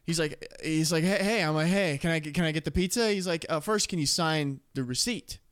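Here the same kind of rambling, swear-filled story comes from a young man co-hosting a podcast, laughing throughout the casual conversation. He sounds on the high side and a little fast, with a bit of brightness and a clean tone.

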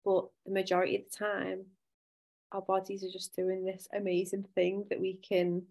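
A woman's voice: mid-range voice, vocal fry. A woman hosting a podcast, chatting casually and reacting with encouragement. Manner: warmly encouraging, quick reactions. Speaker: podcast host.

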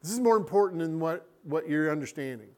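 A man preaching a sermon as a pastor, animated and acting out little scenes. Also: on the high side, fast talker.

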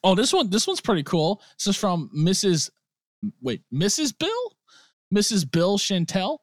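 A man's voice: sits high, wildly swooping pitch, measured pace, no room sound. A young man co-hosting a casual podcast, his voice swinging up and down with laughter as he reads out emails. The sound is close and dry, with no room around it. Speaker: podcast co-host.

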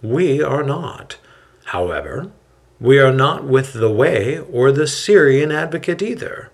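A man voicing a calm, wise older teacher who speaks quietly and in measured phrases. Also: medium pitch, creaky.

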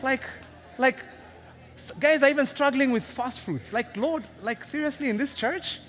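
A man preaching a sermon, animated and joking as he teases his congregation. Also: very high voice, moderate pace. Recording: long reverb of a big hall.

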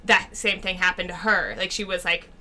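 Woman, podcast co-host, casual chat, blunt, swears a lot, bright sharp voice. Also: fairly low pitch, steady tone, moderate pace. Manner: blunt, swears freely, laughs often.

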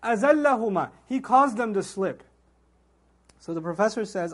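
Animated man giving a Quran lecture. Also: quick pace, long pauses. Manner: animated storytelling, rhetorical questions to the audience; acts out quoted voices with big pitch jumps. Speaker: Islamic lecturer.

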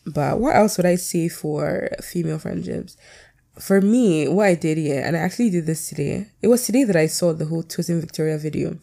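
A woman hosts her own podcast and chats alone at a quick clip, rambling and swearing as she goes. Her voice is low in brightness and mellow, with a lot of vocal fry. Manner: fast, rambling, candid, swears freely. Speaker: podcast host. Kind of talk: casual solo podcast chat.

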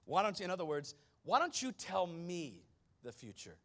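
A male preacher giving an animated, conversational sermon with slangy asides. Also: high voice, normal speed.

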